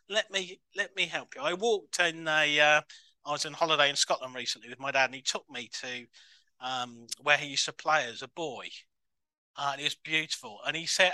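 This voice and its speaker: Male minister, chatty self-mocking sermon, high lively voice, dry close sound. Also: no room sound. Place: church.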